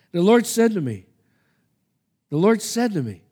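Pastor, male, fairly high-pitched, emphatic sermon delivery that drops to quiet asides. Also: big pitch swings, unhurried, pauses often, slightly rough. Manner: swings from hushed to loud, emphatic preaching. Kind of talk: expository sermon reading scripture.

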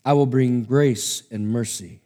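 A man preacher reading the lines of Jesus, calm and resolute, measured and slow. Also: mid-range voice, natural voice. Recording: long hall reverb.

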